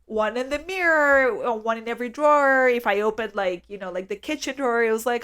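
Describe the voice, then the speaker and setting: A woman with a fairly high voice chats on a podcast, spinning a story with lots of fillers. She slips into little acted voices for the people she quotes. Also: fairly quick, hardly any pauses, smooth. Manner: animated storyteller, many fillers, acts out quotes. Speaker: podcast co-host. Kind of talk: casual storytelling chat.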